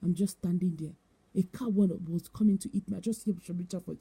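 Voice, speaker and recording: A woman tells her personal testimony in a deep, mellow voice with a husky edge. She speaks with emotion, circles back over the same points, and acts out the voices of the people in her story. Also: fast talker.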